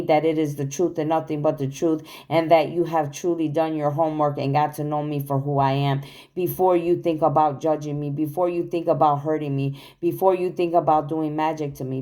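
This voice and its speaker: A woman's voice: low-pitched, a little mellow. A woman giving an earnest, accusatory spiritual monologue to her viewers, recorded on a phone. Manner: earnest, accusatory, repetitive declarations. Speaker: spiritual channel host.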